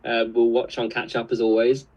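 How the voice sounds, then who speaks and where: A man's voice: medium pitch, little pitch movement, normal speed, muffled recording. A man co-hosting a live stream, reading viewer comments aloud in a casual, chuckling way. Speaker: co-host reading live chat.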